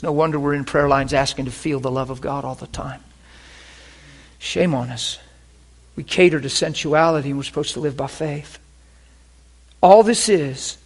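A man with a voice on the high side preaches a sermon, giving a personal testimony. His telling is animated, swinging between hushed quoted prayer and loud bursts of laughter.

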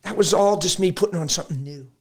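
A middle-aged man, a pastor, talking about faith in a lively conversational preaching style, acting out quotes as he tells stories. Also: high-pitched, quick pace, breathy edge. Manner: animated storytelling, acts out quotes. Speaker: pastor guest.

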